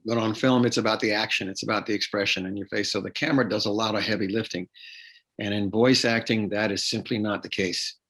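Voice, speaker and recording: His voice runs fast and a bit bright, low-ish with a steady tone. The actor, a podcast interviewee, gives long explanations full of fillers, restarts, and repeated words.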